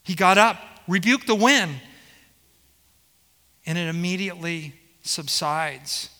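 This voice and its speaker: A man's voice: high voice, takes it slowly, pushed and bright, long reverb tail. A man preaching a sermon as pastor, explaining scripture and asking the congregation rhetorical questions.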